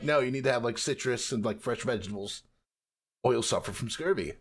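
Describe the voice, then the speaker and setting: Casual podcast guy, animated, salty, slips into quick character voices while recapping. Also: mid-range voice. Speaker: podcast co-host. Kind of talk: casual chat.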